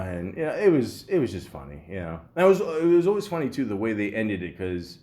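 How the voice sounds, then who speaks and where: A man's voice: medium pitch, big pitch swings, brisk, hardly any pauses. A man hosting a podcast in casual chat, rambling with lots of fillers and frequent laughs. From Canada. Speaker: podcast host.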